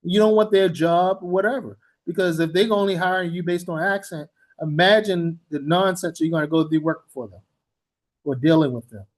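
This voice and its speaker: A man lectures on language teaching in a slightly high voice. His delivery is blunt and informal. He repeats his main points for emphasis. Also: normal speed. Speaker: TESOL instructor.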